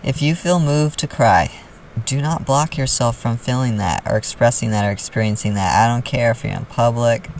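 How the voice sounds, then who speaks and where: A man talking casually to camera about his feelings and self-help, soft and earnest in a confiding way. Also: medium pitch, moderate pace, distant mic, slight background noise, poor audio. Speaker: vlogger.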